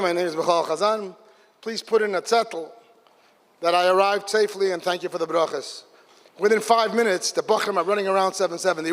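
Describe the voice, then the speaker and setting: A man telling an animated story at a religious gathering, acting out the dialogue of the people in it. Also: high-pitched. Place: large hall. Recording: live hall with long reverb.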